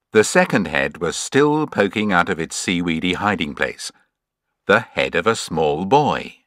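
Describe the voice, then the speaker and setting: A man narrating a children's adventure audiobook in an expressive, measured storytelling way. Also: fairly low pitch, no room sound, studio quality.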